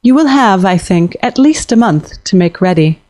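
A determined young princess, as voiced by a woman narrator, proud and steady in her resolve. Her voice sits at a middle pitch, and she speaks with firm, deliberate weight in a dry, close recording. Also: no room sound, close to an everyday voice. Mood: resolute. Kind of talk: audiobook fiction reading.

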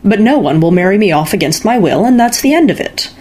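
A woman voicing a defiant young woman who refuses an arranged marriage, in a husky voice. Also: medium pitch, animated, quick pace, a little mellow, voice pushed up, lightly acted. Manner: firm, defiant.

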